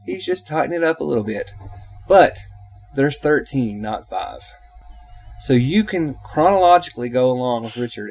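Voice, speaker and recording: Excited, emphatic male podcast co-host. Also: moderate pace, faint music behind. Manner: enthusiastic, emphatic pitching. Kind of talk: casual chat.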